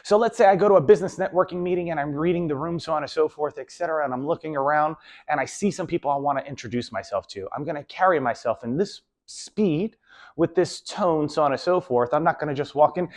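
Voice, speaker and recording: A man's voice: on the high side, fast talker. A young man casually talking to camera with rambling advice, often trailing off with "so on and so forth". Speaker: video host.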